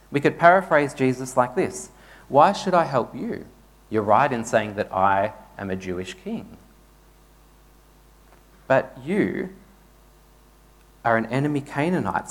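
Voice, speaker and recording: A man, a pastor giving a conversational sermon and telling stories to his congregation in a church. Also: mid-range voice. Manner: conversational storytelling preacher.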